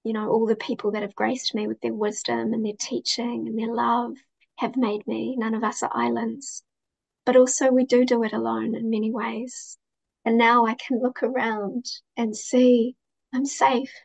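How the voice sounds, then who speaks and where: A woman's voice, set a little high and held fairly level in pitch. She talks in a gentle, heartfelt way, reflective and unhurried as she answers questions in an interview. She sounds like a woman in her thirties. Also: flat delivery, vocal fry. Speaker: interview guest.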